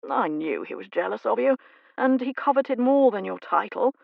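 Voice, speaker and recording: A woman narrator voicing a weary, remorseful older uncle and father in an audiobook, with a gravelly, earnest delivery. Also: very high-pitched, lively intonation, moderate pace, no room sound, phone-quality sound, voice pushed up, heavily acted. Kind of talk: audiobook character reading.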